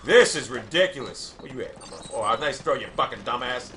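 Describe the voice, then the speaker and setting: A man giving profane gameplay commentary, loudly raging and shouting at other players. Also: medium pitch, lively intonation, moderate pace, background noise. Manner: shouts in bursts of frustration. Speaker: gamer.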